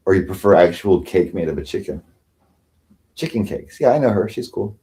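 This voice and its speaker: A man's voice: low-pitched, expressive, normal speed, warm tone. A man hosting a livestream, ranting sarcastically and with self-pity, often mocking others. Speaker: livestream host. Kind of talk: rambling livestream rant.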